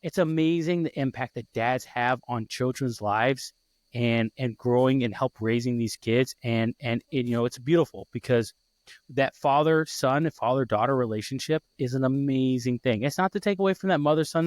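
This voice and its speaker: A man in his thirties, a podcast host, telling an emotional personal story in a heartfelt, halting way full of restarts. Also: medium pitch, dry recording.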